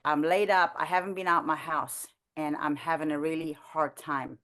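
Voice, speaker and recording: A woman sharing a personal prayer testimony in an earnest, halting way, with frequent restarts and light laughter. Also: sits low, fairly even intonation, fairly bright tone. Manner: halting, with many restarts and fillers. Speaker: ministry trainee sharing a testimony. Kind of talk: conversational testimony.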